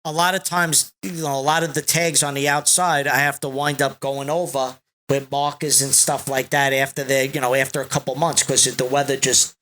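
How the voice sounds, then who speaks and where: A man speaking as a podcast guest, slow and deliberate, relaxed and rambling in casual conversation. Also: medium pitch. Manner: slow and deliberate, reciting a long list of names.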